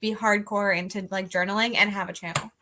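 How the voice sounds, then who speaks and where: A woman's voice: mid-range voice, steady tone, a little fast, noisy background. A young woman guest on a book livestream, laid-back, giving short replies and laughing often. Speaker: co-host guest. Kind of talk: casual livestream chat.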